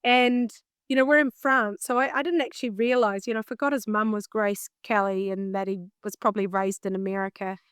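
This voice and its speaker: A woman with a New Zealand accent, a singer telling a story in an interview in an animated way, often laughing at herself. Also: medium pitch, brisk, hardly any pauses, clear, resonant tone, dry recording, clean studio sound. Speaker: singer and vocal coach, guest.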